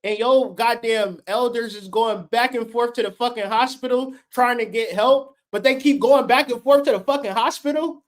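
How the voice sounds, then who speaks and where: A man in his late thirties rants unscripted on his livestream, fired-up, preachy and full of profanity. He has a very high voice and speaks at a moderate pace with few pauses.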